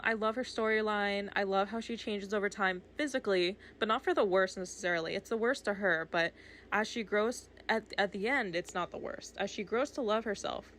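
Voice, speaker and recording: A woman's voice: mid-range voice, a bit bright, a little hiss or hum. A young woman rambling casually about a film at her desk while drawing, gushing and chatty, with lots of fillers. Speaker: art vlogger. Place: home desk with her cat. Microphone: desk microphone.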